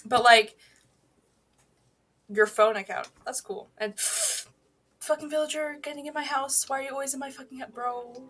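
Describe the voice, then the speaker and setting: A woman's voice: sits high, steady tone, normal speed, pauses often, fairly bright tone, slight background noise. A woman streaming a video game, chatting casually, rambling from topic to topic, swearing freely and answering her chat. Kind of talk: casual gaming livestream chat.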